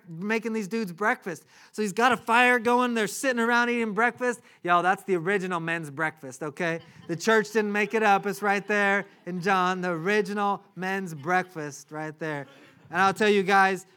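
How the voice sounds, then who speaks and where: A male pastor preaching with animated, humorous storytelling, often checking in with his listeners. His voice sits a little high for a man and has a bright, forceful ring. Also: clear, resonant tone. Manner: animated, humorous storytelling with many "right?" tags. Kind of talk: sermon.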